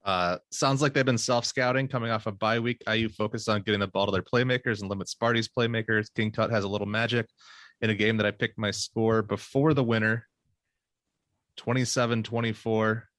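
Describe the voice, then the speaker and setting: A man with a low voice, producer on a casual sports podcast. He keeps it brief and reads out prepared questions and picks. The sound is dry and close. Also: fairly even intonation, brisk, fairly bright tone, no echo.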